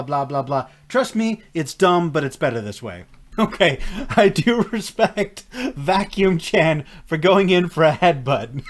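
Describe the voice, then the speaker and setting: A man giving casual reaction commentary to a show, sarcastic and mocking, laughing often. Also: sits high. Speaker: reaction video host.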